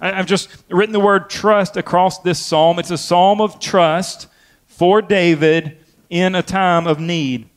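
A man's voice: high-pitched, steady tone, a little slow. A male pastor praying and then preaching in a church, earnest and given to repeating phrases for emphasis. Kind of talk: sermon with opening prayer.

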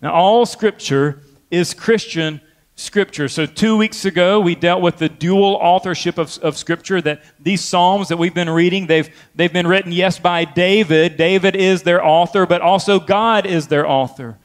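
Earnest pastor, man with higher voice. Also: unhurried. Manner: earnest, repeats phrases for emphasis. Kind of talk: sermon with opening prayer.

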